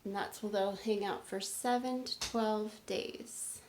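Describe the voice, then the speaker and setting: A woman teacher speaking gently to children in a video lesson, recorded on a phone. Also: mid-range voice, fairly even intonation. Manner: slow, gentle, explaining to kids. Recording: phone video with faint noise.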